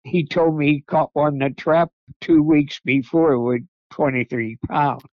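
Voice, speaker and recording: A man's voice: fairly high pitch, unhurried, no room sound, muffled recording. An older man, a podcast guest, telling rambling folksy stories about his past. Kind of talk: storytelling interview.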